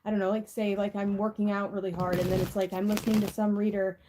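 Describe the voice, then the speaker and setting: A woman's voice: medium pitch, little pitch movement, fast talker, background noise. A woman reading tarot in a casual, rambling chat, full of fillers and swearing. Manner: chatty, profane, rambling with many fillers. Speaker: tarot reader.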